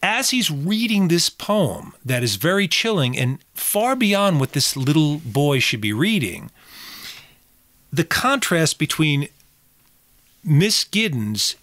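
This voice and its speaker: A man's voice: a little high, dry recording. A man co-hosting a film podcast, talking casually and acting out quotes from scenes. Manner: animated, acts out quotes and reads poetry slowly and darkly. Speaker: podcast co-host.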